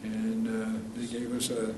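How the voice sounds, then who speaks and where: A man's voice: on the low side, monotone, a little slow, darkish tone. Man in his eighties, oral history storyteller, self-correcting, echoey room, faint background hiss. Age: 80s. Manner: rambling storyteller who corrects himself mid-sentence. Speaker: veteran interviewee. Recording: roomy, distant mic, faint noise.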